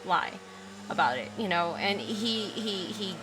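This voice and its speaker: A woman livestreams from home by a window, casually telling a story and pausing to read chat messages aloud and answer them, apologizing often. Her medium-pitched voice has lively intonation and a slightly slow pace. The background is noisy.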